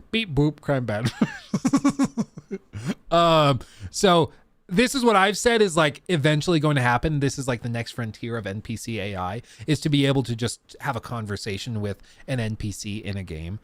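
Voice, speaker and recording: A man giving casual livestream commentary on a game demo, animated and joking with laughing asides. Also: medium pitch, no echo. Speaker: streamer reacting to a game demo.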